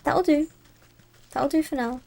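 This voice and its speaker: High-pitched with vocal fry and a slightly mellow tone, a young woman talks at a measured pace as she plays a game on stream. Chatty and easily sidetracked, she reads the game's text out loud between comments.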